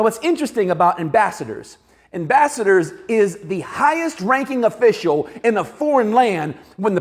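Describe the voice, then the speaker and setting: A male preacher with a high, very lively voice that swings up and down as he talks. He keeps it conversational and animated, slipping into little acted-out quotes as he preaches in a church. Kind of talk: sermon. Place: church sanctuary.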